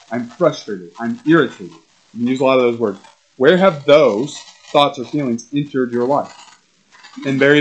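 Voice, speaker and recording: A man's voice: mid-range voice, rough recording. A middle-aged man, a pastor, preaching a conversational sermon with probing questions and frequent fillers.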